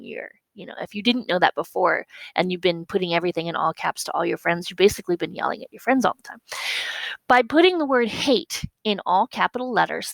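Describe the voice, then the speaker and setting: Woman teacher, some vocal fry, dry close sound, patient step-by-step explainer. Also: mid-range voice, a bit bright, no room sound, rough recording. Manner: explains step by step, repeats points, checks with "okay?". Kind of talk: classroom lesson walkthrough.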